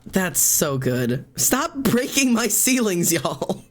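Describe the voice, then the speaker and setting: A man's voice: high voice, sing-song, slow pace, fairly bright tone. A young man streaming a game, exclaiming often and talking in an emotional, tearful, laughing way.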